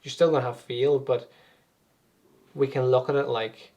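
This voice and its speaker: A man's voice: mid-range voice, level tone, normal speed, pauses often, mellow. A man, an anxiety and meditation coach, explaining things conversationally with everyday examples as an interview guest.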